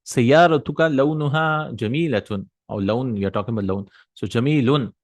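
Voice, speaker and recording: A man's voice: mid-range voice, fast talker, no echo. A man teaching Arabic grammar in a recorded lesson, explaining step by step and answering his own questions.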